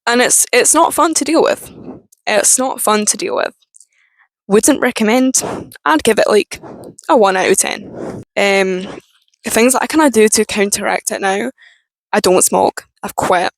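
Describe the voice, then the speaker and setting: A young woman with a Scottish accent, talking frankly and haltingly in a personal vlog. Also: mid-range voice, no echo, poor audio. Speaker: vlogger.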